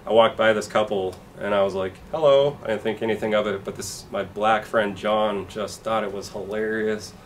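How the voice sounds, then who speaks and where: Deadpan male stand-up comic. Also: fairly low pitch, normal speed, few pauses, distant mic, slight background noise. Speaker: stand-up comedian. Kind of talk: stand-up set.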